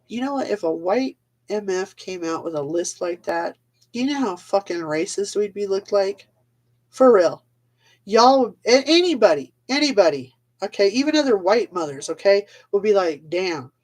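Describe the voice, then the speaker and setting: A woman with a lowish voice rants bluntly and casually on a live video. She swears freely, laughs often, and trails off mid-thought.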